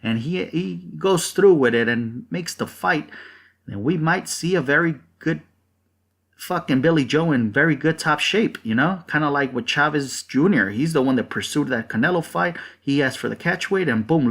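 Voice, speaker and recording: A man's voice: fairly high pitch, moderate pace, vocal fry. A man hosting a boxing channel, ranting bluntly and profanely in a casual, rambling way full of fillers.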